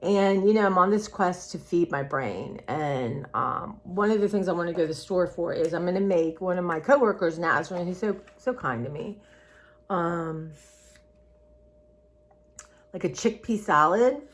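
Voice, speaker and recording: A woman's voice: on the low side, measured pace. A woman in her sixties chatting casually to her viewers, rambling from one thought to the next and calling them y'all. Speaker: vlogger. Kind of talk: casual chat to camera.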